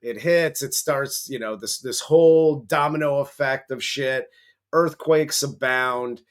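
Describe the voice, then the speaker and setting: A man's voice: mid-range voice, a little slow. A man co-hosting a movie review, retelling the plot in a casual, profane, joking way. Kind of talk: casual comedic film recap.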